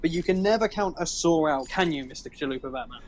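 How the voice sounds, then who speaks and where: A British man casting a live esports match, excitable and quick to shout at big plays. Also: on the high side, slight background noise. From Britain. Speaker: esports caster. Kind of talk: live game commentary.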